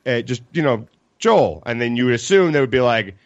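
A man's voice: medium pitch, animated, fairly quick, dry recording. A young man from Colorado, co-hosting a casual podcast, telling a story with lots of acted-out quotes, fillers and swearing. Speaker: podcast co-host. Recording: dull lo-fi podcast mic, dry.

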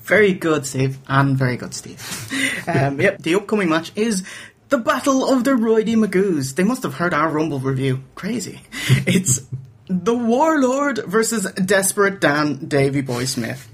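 A man's voice: sits high, sing-song, unhurried, slightly rough. A man co-hosting a casual wrestling review podcast, jokey and chatty, laughing often. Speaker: podcast co-host.

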